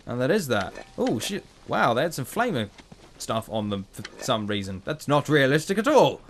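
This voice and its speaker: A man's voice: medium pitch, very animated, normal speed, slight background noise. A man giving playful, chatty let's play commentary, joking to himself as he plays. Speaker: gamer.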